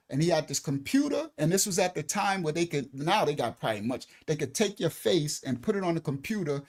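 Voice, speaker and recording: A middle-aged male minister tells a personal story in a sermon, talking in a casual, animated way and often repeating words. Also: a little high.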